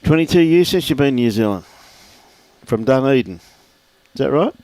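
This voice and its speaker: A man's voice: mid-range voice, animated, moderate pace, darkish tone, dry recording. A man with an Australian accent co-commentating lawn bowls, easygoing and jokey, forever calling his partner mate. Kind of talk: live sports commentary.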